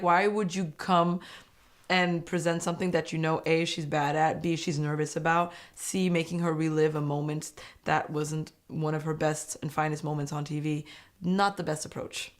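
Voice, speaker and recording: A young woman with a lowish voice hosts a recap of a reality dating show, speaking casually and with plenty of animation. She's opinionated and laughs often.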